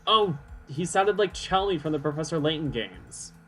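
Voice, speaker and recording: A man's voice: a little high, lively intonation, normal speed, pushed and bright, faint music behind. A man in casual let's-play chat, making teasing, wry remarks. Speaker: game co-streamer.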